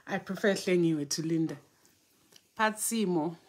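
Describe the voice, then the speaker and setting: A woman's voice: fairly low pitch, unhurried. A woman, a spiritual teacher hosting a live stream, who greets her viewers one by one by name before she starts teaching. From Southern Africa.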